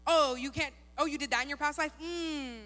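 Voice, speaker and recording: A woman's voice: sits high, fairly even intonation, brisk, sharp tone, faint music behind. A young woman mocking a scolding strict churchgoer. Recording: long hall reverb.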